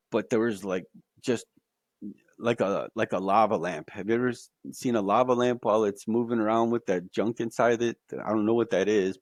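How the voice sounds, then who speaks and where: A man guest on a podcast telling his own story in a casual, animated way, tossing in slang like "bro.". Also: medium pitch, no echo, studio quality.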